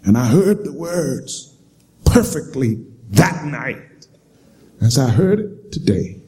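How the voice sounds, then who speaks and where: A man preaching voices a rough, weather-beaten former soldier with a Southern accent, grave and low as he confesses. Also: sing-song, slow, warm tone. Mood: wry.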